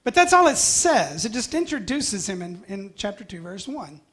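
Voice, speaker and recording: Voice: medium pitch, big pitch swings, normal speed, fairly bright tone. Folksy preacher. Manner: folksy and chatty, with humorous asides. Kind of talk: conversational sermon.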